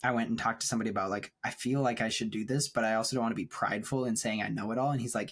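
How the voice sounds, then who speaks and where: Husky low-voiced man musing on a podcast. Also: fairly even intonation, very fast, hardly any pauses, fairly bright tone. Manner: thoughtful, rambling, laughs often. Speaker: podcast co-host. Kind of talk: casual chat. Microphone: remote recording setup.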